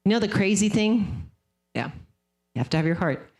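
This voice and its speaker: A woman's voice: medium pitch, animated, normal speed, a little mellow. A woman speaking at a sales leadership seminar, emphatic and casual, often repeating phrases for effect. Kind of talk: motivational seminar talk.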